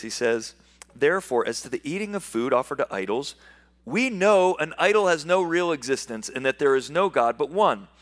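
A man's voice: medium pitch, a bit bright. A man preaching a sermon as a pastor, reading scripture aloud and explaining it, often restarting and repeating words.

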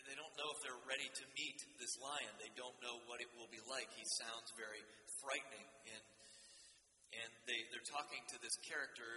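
A man's voice: mid-range voice, sharp tone, a little hiss or hum. A man preaching a sermon in an earnest way, often restarting his sentences and building emphasis as he goes. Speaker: pastor. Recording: roomy hall with long reverb.

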